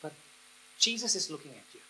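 A man preaching a sermon, leading the listeners through a guided picture with slow, soft pauses that build into excited passages. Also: on the high side, slight background noise, low-quality recording. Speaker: pastor.

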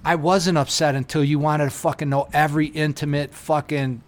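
A man's voice: fairly high pitch, little pitch movement, moderate pace. A man co-hosting a casual podcast, ranting heatedly and swearing a lot, acting out little exchanges in raised voices. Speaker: podcast co-host.

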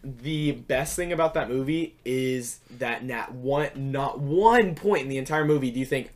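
A young man hosting a podcast in casual chat, animated and quick to talk over the others. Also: mid-range voice. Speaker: podcast host.

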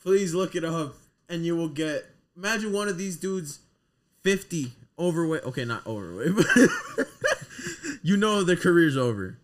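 A young man co-hosting a casual podcast, telling stories in an animated way, swearing and breaking into loud laughter. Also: fairly high pitch, unhurried. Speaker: podcast co-host.

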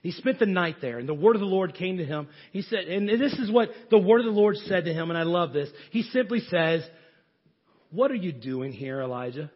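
A man preaching a sermon, swinging from hushed, soft passages to raised, shouting ones. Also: high-pitched, fairly quick, few pauses, breathy edge, highs cut off. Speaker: pastor.

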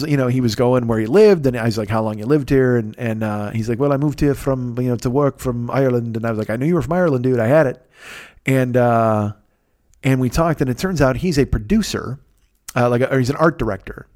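A middle-aged man hosting his own show, telling a story in a profane, ranting, animated way. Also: mid-range voice, fairly quick. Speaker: podcast host. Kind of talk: casual storytelling monologue.

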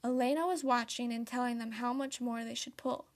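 A young woman in her late teens reading a storybook tale aloud in a soft, steady manner. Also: fairly high pitch, brisk. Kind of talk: storybook narration.

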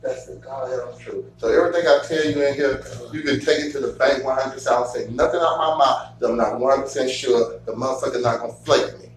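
A man hosting a casual chat, telling stories in a profane, animated way and getting loud at times. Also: medium pitch, quick pace, hardly any pauses. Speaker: show host. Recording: echoey room from far off, faint hum.

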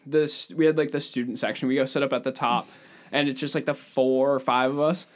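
A man's voice: mid-range voice, steady tone, fairly quick. A young man hosting a casual chat, telling a story in a laid-back, slangy way. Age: young adult. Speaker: podcast host.

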